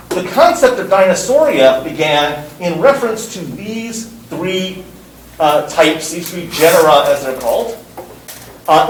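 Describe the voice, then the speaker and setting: A man's voice: sits high, reverberant, far from the mic, a little hiss or hum, low-quality recording. A man teaching a university course, lecturing in an emphatic way and repeating words for stress. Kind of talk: classroom lecture.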